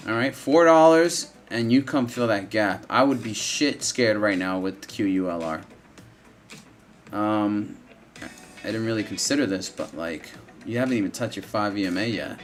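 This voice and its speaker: A man's voice: on the low side, moderate pace, faint music behind. A man hosting a live trading stream, talking casually and bluntly, swearing often and repeating himself, tired and yawning from lack of sleep. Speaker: trading livestream host. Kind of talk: casual live market commentary.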